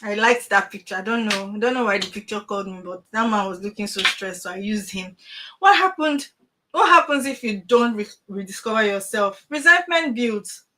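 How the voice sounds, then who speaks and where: A middle-aged woman giving an animated motivational talk to parents over a video call, full of emphatic rhetorical questions. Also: medium pitch, normal speed, slight background noise. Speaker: transformational coach.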